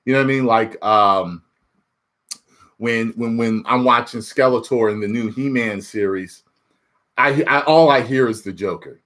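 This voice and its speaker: In a mid-range voice at a measured pace, a man reviewing on YouTube talks spoilers casually and reads out questions from chat. He laughs often and is animated, moving between loudness and mumbling.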